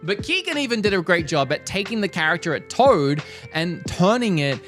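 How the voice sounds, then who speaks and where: A man's voice: high-pitched, moderate pace, music in the background. A young man talking casually and energetically, reviewing a movie trailer for his stream, with some restarts. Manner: lively, animated, frequent restarts. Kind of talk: casual commentary.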